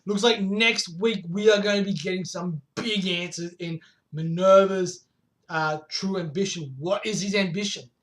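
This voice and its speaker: A man excitedly recapping a manga chapter in a casual vlog, firing off rhetorical questions and swearing casually. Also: high voice, normal speed.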